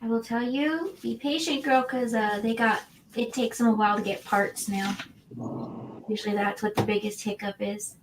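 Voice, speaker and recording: A woman's voice: fairly high pitch, fairly even intonation, moderate pace, slight background noise. A woman on a craft chat panel, friendly and encouraging in casual conversation.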